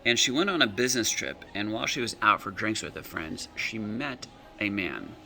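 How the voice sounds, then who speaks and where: A man's voice: lowish voice, animated, normal speed, creaky, bright, forceful tone. A male coach telling client stories, acting out their quoted words as back-and-forth dialogue. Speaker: emotional reset coach. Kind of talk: storytelling talk with client examples.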